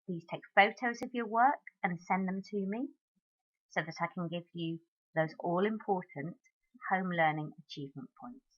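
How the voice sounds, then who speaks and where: A woman French teacher talking her class through marking answers in a recorded lesson, modelling each French word clearly. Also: fairly low pitch, moderate pace, a bit bright, dull audio.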